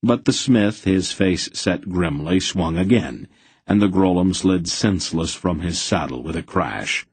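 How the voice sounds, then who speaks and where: A man narrating an audiobook in a measured, steady storytelling manner. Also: sits low, breathy edge. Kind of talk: scripted narration.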